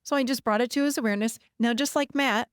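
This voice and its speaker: A woman's voice: fairly high pitch, fast talker, clear, resonant tone, no room sound, studio quality. A middle-aged woman hosting a solo podcast, talking directly and encouragingly to her listeners about habits. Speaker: podcast host and codependency coach. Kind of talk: solo podcast teaching monologue.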